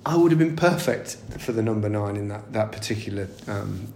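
A middle-aged man with a gravelly, creaky edge recalls stories as an interview guest. He talks in a chatty, anecdotal way, breaks into laughter often and restarts his sentences mid-thought. The voice sits in an echoey room. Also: fairly low pitch, animated, a little fast, a little mellow, a little hiss or hum. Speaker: guest, former footballer. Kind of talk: casual interview storytelling.

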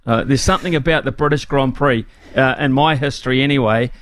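A man hosting a casual chat, unhurried and with many fillers. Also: mid-range voice, fairly bright tone. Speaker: host.

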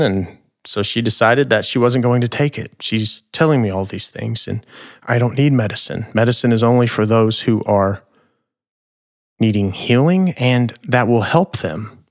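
A man in his thirties, a podcast host, telling a personal story in a measured, reflective, tender way. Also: lowish voice. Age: 30s.

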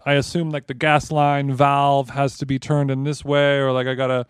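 A man spins a long, rambling story in casual podcast chat, stumbling over restarts as he goes. His voice is smooth and resonant. The sound is close and completely dry. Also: medium pitch, moderate pace, dry recording. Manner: rambling, animated, frequent restarts and laughs. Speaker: podcast co-host.

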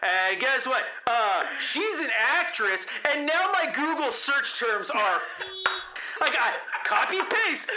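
A man co-hosting a casual podcast, telling stories in an animated way and acting out the quotes. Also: extremely high pitch, slow pace. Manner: animated storytelling, acts out quotes. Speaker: podcast co-host. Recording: echoey room with noise.

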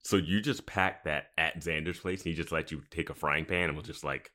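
A man co-hosting a casual podcast with a very deep, low voice. He talks loosely about a TV episode and laughs a lot. He keeps quoting the characters in a raised, mock voice. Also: fairly even intonation, brisk, pushed and bright. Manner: chatty, laughs often, quotes characters in a raised voice. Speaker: podcast co-host. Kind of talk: casual chat recapping a TV episode.

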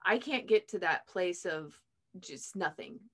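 A woman talking in a relaxed, agreeable casual chat. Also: on the low side, unhurried, husky.

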